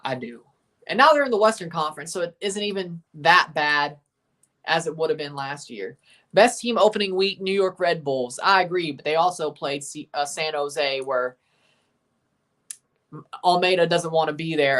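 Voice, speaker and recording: A man's voice: a little high, moderate pace, a bit bright. Chatty man with a Mississippi accent. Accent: Southern US, Mississippi. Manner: chatty, opinionated, rambling, answers chat messages. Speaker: livestream host. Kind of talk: casual livestream watchalong commentary, reading chat.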